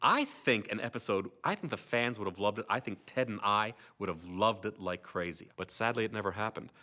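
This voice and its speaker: An older actor reminiscing casually about his years on a TV series, an animated storyteller who slips into comic voices. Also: on the low side, brisk.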